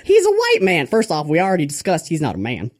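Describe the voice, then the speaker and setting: Brief: man playing a goofy self-styled preacher, swooping pitch, loud revival-style pronouncements. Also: huge pitch swings, quick pace. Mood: preachy. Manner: mock-preachy, absurd sermonizing. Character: rambling Georgian preacher man, Father Grandfather. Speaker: character from podcast RPG.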